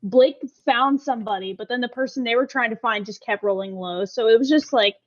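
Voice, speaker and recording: An animated, giggly woman recounts the game session with lots of fillers. Her voice is a bit higher than most. The sound is somewhat dull and lo-fi, like call audio. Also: fairly quick. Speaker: player. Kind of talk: casual chat, storytelling.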